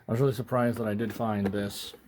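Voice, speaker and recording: A man's voice: lowish voice, steady tone, fast, noisy background. A young man casually reviewing a toy on camera, out of breath and rambling, stammering and apologizing as he goes. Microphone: camera mic, handling toys on camera.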